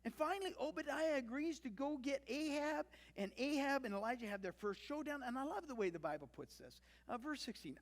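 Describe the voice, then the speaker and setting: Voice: high voice, animated, brisk, few pauses. A pastor giving a conversational, wry sermon, retelling scenes and breaking into acted-out quotes. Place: church sanctuary. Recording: long church reverb.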